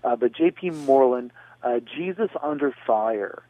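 A man answering a radio caller in a rambling, discursive way, pausing on fillers and spelling out names, heard over a phone line. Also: mid-range voice, lively intonation, no echo. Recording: tinny phone line, dry.

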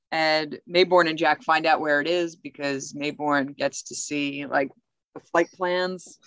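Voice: medium pitch, a bit bright, clear, resonant tone, no echo. Chatty podcast co-host, dry sound. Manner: chatty, says "like" often, laughs easily. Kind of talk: casual episode recap chat.

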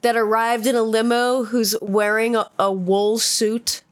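Woman co-host, slightly high voice, quick teasing reactions, casual chat. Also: flat delivery. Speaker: podcast co-host.

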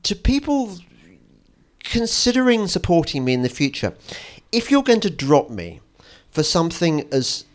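A man's voice: high-pitched, huge pitch swings, normal speed. A man hosting a podcast, chatting casually and rambling, stammering and repeating words as he goes. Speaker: podcast host. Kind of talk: casual chat.

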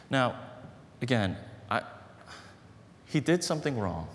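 A man's voice: medium pitch, expressive, moderate pace. Guy pastor telling a story from the pulpit, earnest and chatty, voice ringing in a big hall with a little hiss behind. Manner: conversational, earnest, building to emphatic points. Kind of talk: sermon storytelling. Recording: long hall reverb, faint background noise.

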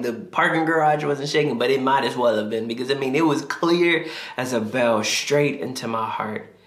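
A man preaching a sermon as a pastor, earnest and confessional, climbing higher when he acts out his own prayers. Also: fairly bright tone. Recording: echoey room.

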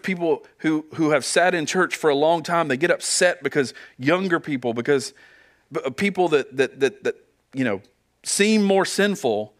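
A male pastor delivering a sermon in an earnest, searching way. His voice sits somewhat high for a man, and he poses rhetorical questions to his listeners. He often stumbles and repeats words mid-thought. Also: fairly bright tone.

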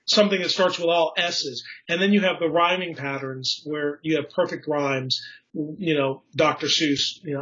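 A man's voice: fairly high pitch, fairly even intonation, normal speed, fairly bright tone. A man with a somewhat raised voice chats about poetry in a loose, rambling way, full of fillers and restarts. He chuckles at his own slips and drifts into tangents. The sound is a bit dull and lo-fi. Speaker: poetry enthusiast explaining craft. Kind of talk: casual conversational explanation.

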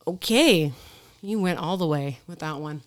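A woman police officer telling stories in casual podcast chat, animated, acting out quotes and swearing freely. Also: on the low side, a little slow, no echo, studio quality.

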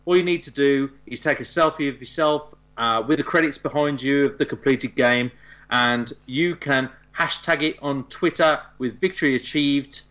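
A man's voice: medium pitch, normal speed, a bit bright. A man co-hosting a gaming podcast, explaining a listener contest in a giggly, self-deprecating way. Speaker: podcast co-host.

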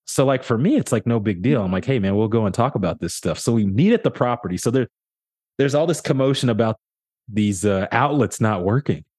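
Animated male podcast co-host, dry sound. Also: medium pitch, a little fast, husky, dry recording. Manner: animated storyteller, often mimics others with a raised voice. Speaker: podcast co-host, real estate agent. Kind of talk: casual podcast storytelling.

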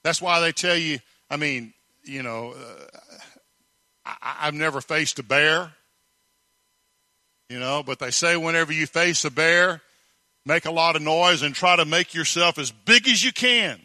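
A man's voice: on the high side, unhurried, sharp tone, no room sound. A man preaching a sermon, telling stories emphatically and asking rhetorical questions. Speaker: pastor.

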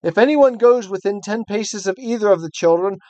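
A man's voice: sits high, a little fast, no echo, dull audio, voice pushed up, close to an everyday voice. A man reading aloud as an imperious witch queen, barking threatening orders. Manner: commanding, shouted orders.

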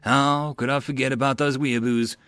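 A man's voice: medium pitch, steady tone, normal speed, a bit bright, smooth, no echo, lightly acted. A man doing a cheeky, joking soldier. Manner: cheeky banter.

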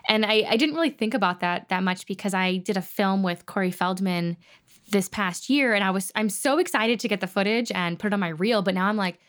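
A woman's voice: mid-range voice, fairly quick, fairly bright tone. A woman hosting a casual interview chat, enthusiastic and chatty with her guest. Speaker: podcast host.

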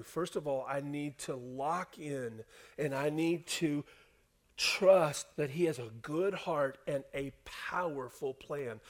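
A man preaching a sermon to a congregation, dropping to hushed lines and rising to loud, emphatic ones. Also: on the high side. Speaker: pastor. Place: church hall before a congregation.

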